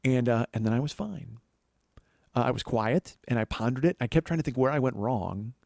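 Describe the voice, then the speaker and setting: A man hosting a podcast, telling a personal story in a storytelling monologue, swearing often and getting louder and higher when worked up. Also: a little fast, vocal fry, no room sound. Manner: profane, excitable, voice rising when worked up. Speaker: podcast host.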